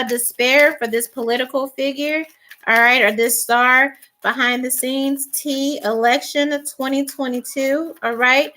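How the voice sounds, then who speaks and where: Bright high-voiced woman reading tarot. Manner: emphatic, repeats "okay?" and "all right?", acts out quoted people. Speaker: tarot reader.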